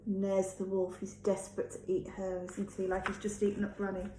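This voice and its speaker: A woman's voice: mid-range voice, completely flat delivery, a little fast, hardly any pauses, a little hiss or hum. Woman teacher reading aloud to kids, asks them questions, echoey room. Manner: gentle, explaining, asks children questions. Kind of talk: reading a storybook aloud to children.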